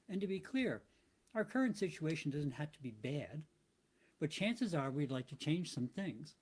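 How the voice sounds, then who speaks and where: A man with a slightly high voice talks through his ideas in a loose, reflective monologue. He rambles and restarts his sentences as he thinks aloud. His delivery is unscripted and conversational. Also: darkish tone. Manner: thoughtful, rambling, with frequent restarts. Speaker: motivational podcast host.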